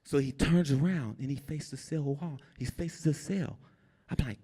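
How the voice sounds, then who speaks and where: A man telling a comic story live on stage, animated and jumping high when he quotes people. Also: moderate pace, husky. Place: brewery event space with an audience. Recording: long reverb in a live venue.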